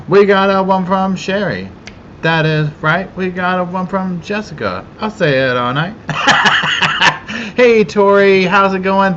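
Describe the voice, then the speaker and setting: A chatty man with a Southern accent hosts a casual livestream, calling out viewers by name and laughing easily. His voice swings widely up and down in pitch. The audio is a bit dull and lo-fi, with a faint hiss underneath. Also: a bit bright. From Carolinas, US South. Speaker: livestream host. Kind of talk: casual live-chat livestream.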